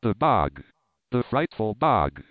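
A man's voice: lowish voice, sing-song, takes it slowly, no room sound, narrow, tinny audio. A man voicing a haggard, despairing officer, speaking gloomily. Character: haggard, desperate, gloomy German officer, male.

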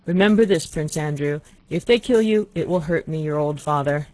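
A narrator voicing a stern, irascible old male prince in an audiobook, speaking in clipped, gruff bursts that rise into angry shouts. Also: medium pitch, moderate pace, dry recording, natural voice. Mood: stern farewell. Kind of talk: audiobook character voice.

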